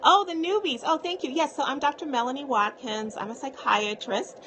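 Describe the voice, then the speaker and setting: A woman's voice: sits high, fairly quick, bright, forceful tone, a little hiss or hum. A woman psychiatrist talking casually to viewers on a live stream, reassuring and often checking in with "okay?".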